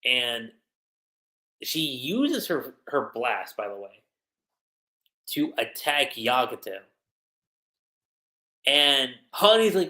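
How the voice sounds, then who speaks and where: A man breaks down a manga chapter in a loose, slangy livestream review. His pitch swings widely as he acts out the scenes. The recording has a roomy echo. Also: takes it slowly, long pauses. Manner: animated, slangy, retells scenes in quoted voices.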